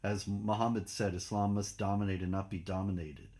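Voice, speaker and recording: Brief: male host with a fairly low voice, calm and matter-of-fact. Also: brisk. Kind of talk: casual political discussion.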